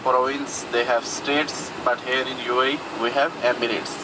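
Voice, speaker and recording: A man's voice: medium pitch, flat delivery, normal speed, background noise. A man working as a tour guide explaining sights plainly from a moving vehicle. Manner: explanatory, plain, non-native phrasing.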